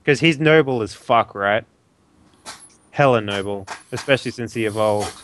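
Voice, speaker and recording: A man's voice: lowish voice, moderate pace, a bit bright, slight background noise. A man playing in an online tabletop game, talking casually with many fillers and restarts. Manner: rambling, hesitant, lots of fillers. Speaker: player.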